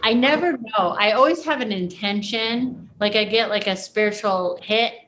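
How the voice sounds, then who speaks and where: A woman's voice: a little high, normal speed, fairly bright tone, rough recording. A woman talking with a student in a casual, reflective coaching style, with many filler words.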